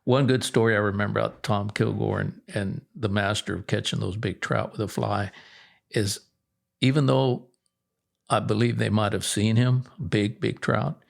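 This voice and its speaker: A middle-aged man, a guest angler, telling fishing stories in a relaxed, rambling way with restarts. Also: on the low side, normal speed, vocal fry. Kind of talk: casual storytelling.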